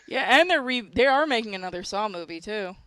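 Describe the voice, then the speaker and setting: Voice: medium pitch, lively intonation, fairly quick, pushed and bright, clean tone, no echo. A host chatting casually, eager and playful, laughing often. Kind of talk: casual chat.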